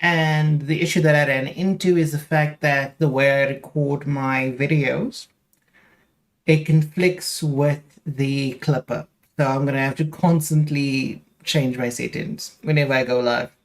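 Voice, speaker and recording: A man's voice: a little high, steady tone, measured pace. A young man chatting casually on a live stream, rambling with lots of fillers as he talks straight to his viewers.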